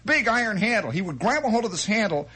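A man telling a comic childhood story as a monologue, animated and chatty, with asides and mouth sound effects. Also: sits high, quick pace, slightly rough. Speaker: radio storyteller.

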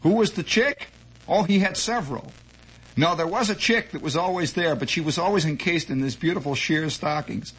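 Husky man telling a rambling story. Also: on the high side, normal speed. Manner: digressive, animated, many restarts and asides. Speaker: radio host.

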